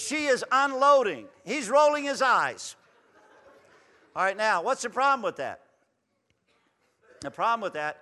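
A man preaching a folksy sermon in a church hall, animated and building to loud emphatic runs. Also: high-pitched. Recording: long reverb in a hall.

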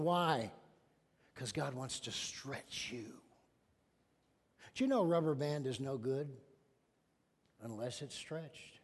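Middle-aged pastor guy preaching, lively stories, slightly high voice, big echoey church hall. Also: a little slow, long pauses. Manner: animated storytelling with big swings in loudness; acts out quoted voices. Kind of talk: sermon.

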